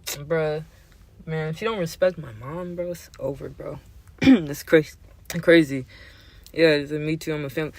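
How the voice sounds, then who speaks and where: A man's voice: on the high side, fairly even intonation, normal speed, creaky, a little mellow, no echo. A young man in his twenties hosting a podcast, talking in casual chat with slangy, profane language that gets heated. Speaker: podcast host.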